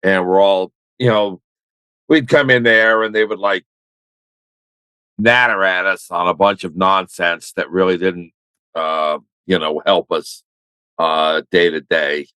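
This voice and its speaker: An older man with a fairly low voice tells a meandering war story, doubling back on his words with dry humor. His voice sounds close and dry, with no room around it. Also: steady tone, unhurried, sharp tone, clean tone, dry recording, rough recording. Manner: rambling, self-correcting, wry. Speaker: military veteran guest. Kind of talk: conversational storytelling.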